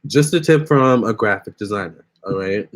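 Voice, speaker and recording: A man's voice: fairly low pitch, lively intonation, normal speed. A young man hosting a casual phone livestream, chatting with viewers and reading their comments aloud. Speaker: livestream host.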